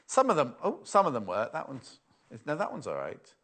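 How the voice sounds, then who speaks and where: A man hosting a live television sewing show, chatting playfully and reading viewers' messages aloud. His pitch sits a touch high for a man and swings widely, so his talk sounds animated and bouncy. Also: normal speed. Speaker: shopping channel presenter. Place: TV studio.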